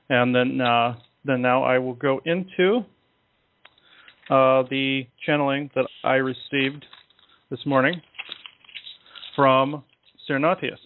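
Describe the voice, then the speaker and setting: A man recounting a spiritual encounter in a halting way with many fillers, heard through a phone. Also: medium pitch, flat delivery, smooth. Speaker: channeler. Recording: tinny phone line.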